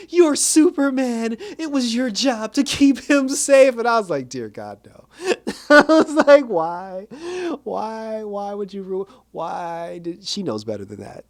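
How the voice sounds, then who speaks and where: A man giving a casual, animated recap of a TV episode. He laughs often and acts out the characters' lines in higher voices. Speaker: reviewer.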